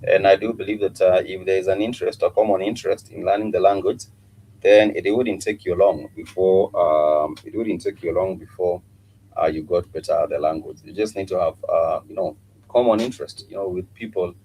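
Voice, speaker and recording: A middle-aged man teaching a live-streamed language lesson, patiently repeating each phrase slowly with many filler sounds. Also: low-pitched, fairly even intonation, mellow, slight background noise, rough recording. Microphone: streaming mic.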